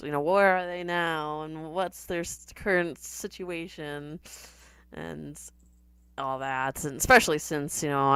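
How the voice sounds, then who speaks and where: A woman giving casual, sardonic reaction commentary on a TV episode, chatty and quick to laugh. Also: sits low, fairly bright tone, clean tone, dry recording.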